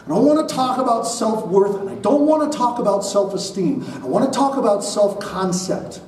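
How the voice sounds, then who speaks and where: A man in his forties giving an energetic talk to parents at a school event, getting the audience to answer back and repeat after him. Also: sits high, normal speed, reverberant, recorded from a distance, slight background noise. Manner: energetic, leads the audience in call-and-response. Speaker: keynote speaker at a school parent night. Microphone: body-worn mic.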